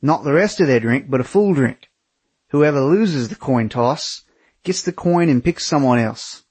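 A man voicing a big, boisterous Australian man with an Australian accent, loudly explaining a drinking game. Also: medium pitch, lively intonation, a little slow, husky, no room sound, pitched above the performer's own voice. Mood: rowdy, eager.

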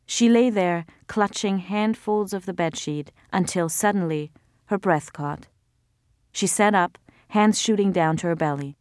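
A woman reading an audiobook in a measured, even storytelling manner on a close studio mic. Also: on the low side, no room sound. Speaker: audiobook narrator. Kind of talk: scripted narration.

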